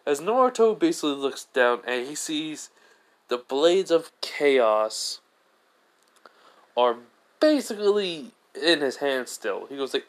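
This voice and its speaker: A man's voice: mid-range voice, animated, measured pace. A man narrating an improvised fan story in a rambling way, leaning on "basically" and "he goes".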